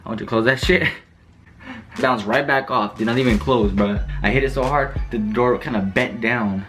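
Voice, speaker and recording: A young man casually telling a story on his vlog, animated and slangy, swearing freely. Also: medium pitch, normal speed, faint music behind. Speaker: vlogger.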